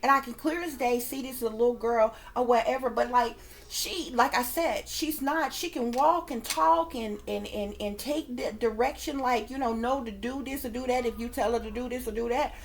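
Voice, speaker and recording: A woman's voice: a little high, normal speed, hardly any pauses. A woman working as a psychic reader, telling her viewers a story in a casual, emphatic way, swearing often and acting out her own reactions.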